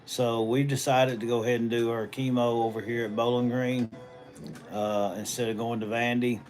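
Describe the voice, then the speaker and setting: A man's voice: mid-range voice, level tone, normal speed, darkish tone, soft background music. A middle-aged man with a Southern US accent, chatting casually and rambling in folksy country talk as he reads viewer comments on a phone livestream from a hospital treatment room. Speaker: livestream host and auctioneer.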